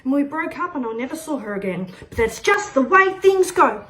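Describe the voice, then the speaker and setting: A woman giving a comic spoken-word performance, rambling through an absurd story with frequent laughs, loud shouts and quiet muttered asides. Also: sits high, sing-song, a little fast. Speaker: open-mic performer.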